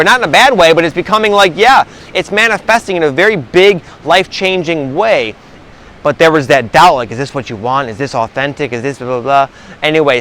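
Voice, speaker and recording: A man's voice: a little high, a bit bright, slight background noise. A man talking as a spiritual coach in a casual vlog monologue, rambling with many restarts and filler words.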